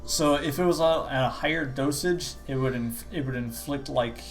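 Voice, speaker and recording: A man's voice: mid-range voice, normal speed, rough recording. Man explaining game rules over music. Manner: loose, rambling explanation with restarts. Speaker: game master. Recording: music playing behind.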